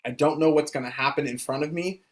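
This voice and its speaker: Halting, hesitant male podcast co-host. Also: fairly high pitch. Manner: halting, hesitant, many "um" and restarts. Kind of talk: casual podcast chat.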